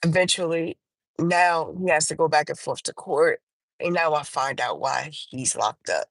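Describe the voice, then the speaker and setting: A woman's voice: dry recording, rough recording. A woman hosting a livestream, telling a personal testimony in casual talk. She halts often, restarts her sentences, and lifts her voice when she quotes herself. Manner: halting, with many restarts and fillers; acts out her own quoted words with a higher voice. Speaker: livestream host.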